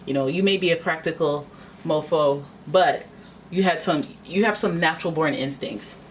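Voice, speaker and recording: A woman's voice: low-pitched, normal speed, slight background noise, poor audio. A woman giving a casual tarot reading, chatty and dramatic, often acting out what people might say. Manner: chatty, dramatic, acts out quoted voices. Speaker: tarot reader.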